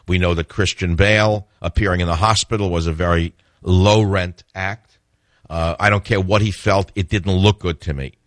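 Deep-voiced blunt man hosting a radio call-in show. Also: fairly even intonation, normal speed, no echo, clean studio sound. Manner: blunt, opinionated, chuckles often. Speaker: radio talk show host.

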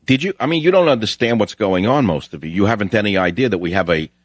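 Ranting deep-voiced New York radio man. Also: lively intonation, fast talker, background noise. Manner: ranting, sarcastic, pitch jumps high for emphasis. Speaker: talk radio host. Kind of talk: opinionated radio monologue. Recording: dry, dull lo-fi radio audio.

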